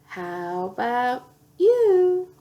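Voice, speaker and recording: A woman's voice: a little high, wildly swooping pitch, extremely slow, muffled recording. A woman reading children's picture books aloud, playfully acting out the sound effects. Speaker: children's book reader.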